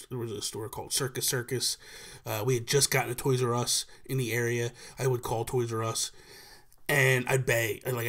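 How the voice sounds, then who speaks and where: Man, casual storytelling, podcast guest, animated, acts out quotes, lots of ums. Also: mid-range voice. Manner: animated storyteller acting out quotes, many fillers.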